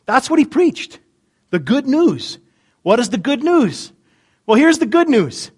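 A middle-aged man delivers a sermon in a high voice that leaps up and down in pitch. He jokes with his listeners and moves between loud emphasis and quiet asides. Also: big pitch swings, unhurried, slightly rough. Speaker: pastor.

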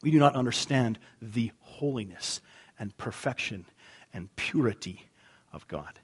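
A man preaching a sermon as a pastor, husky in tone, rising to loud emphatic lines and dropping to hushed, low ones. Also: lively intonation, measured pace.

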